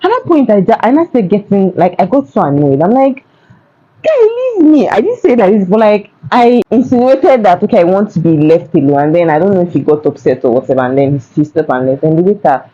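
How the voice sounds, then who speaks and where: A young Nigerian woman talks straight to her phone camera, chatty and animated as she tells a story. Her voice is low and mellow. The sound is somewhat dull and lo-fi. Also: quick pace, few pauses. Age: young adult. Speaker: vlogger. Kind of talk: casual storytime.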